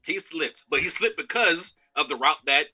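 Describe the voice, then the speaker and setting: A man's voice: fairly high pitch, moderate pace, husky, faint music behind, rough recording. An American man in his thirties, a former pro football player, telling a locker-room story in a live interview, acting out quotes and laughing. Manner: lively storyteller who acts out quotes and laughs.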